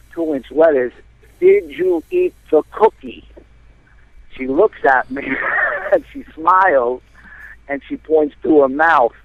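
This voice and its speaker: A man's voice: mid-range voice, no echo. Jersey guy on a tinny phone line, rambling story, lots of uhs, dry sound. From New Jersey. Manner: animated, rambling with many fillers. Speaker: caller. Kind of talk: casual storytelling.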